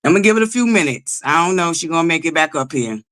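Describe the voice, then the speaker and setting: A woman's voice: deep voice, lively intonation, rapid-fire, fairly bright tone. A woman hosting a live stream, chatty and swearing freely as she talks to her viewers. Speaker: livestream host. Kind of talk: casual live-stream chat.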